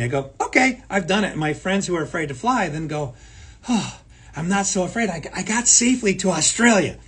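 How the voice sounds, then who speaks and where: A man with a high, husky voice co-hosts a talk show. He speaks emphatically in a motivational chat, driving home points by repeating them. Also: expressive, fast talker, fairly bright tone. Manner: emphatic, repeats phrases, acts out quoted people. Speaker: co-host.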